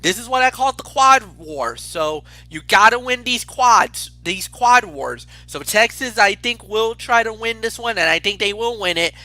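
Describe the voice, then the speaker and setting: A man co-hosting a casual football picks show, talking in an excitable, rambling way with frequent restarts. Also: high-pitched, normal speed, hardly any pauses, dry recording. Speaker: co-host picking games. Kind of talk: casual sports picks chat.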